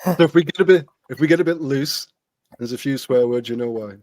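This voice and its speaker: A man's voice: medium pitch, a little fast, a little mellow, no echo. A man hosting a podcast in casual chat, laid-back and teasing his guest. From not Australian, moved there as a backpacker. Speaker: podcast host.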